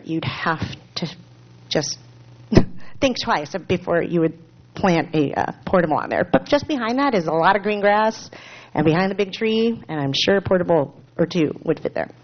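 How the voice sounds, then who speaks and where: Earnest mother at a board meeting. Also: fairly low pitch. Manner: earnest, slightly halting, with asides. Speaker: parent speaking at a school board meeting. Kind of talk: public comment, partly read from notes. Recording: dull lo-fi meeting recording.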